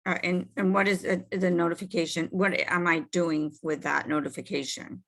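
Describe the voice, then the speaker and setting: A woman's voice: on the low side, fairly even intonation, moderate pace, creaky, fairly bright tone. A woman appellant asking officials hesitant, apologetic questions.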